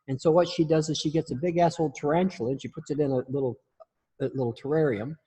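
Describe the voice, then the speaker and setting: A man's voice: fairly high pitch, quick pace, warm tone, a little hiss or hum. A man teaching a class in a casual spoken style, often repeating and restarting his words, with blunt, salty humor. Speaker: instructor.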